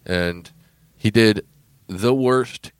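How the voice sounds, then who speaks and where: A man co-hosting a casual chat, an animated storyteller. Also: on the low side, very slow, smooth, no room sound.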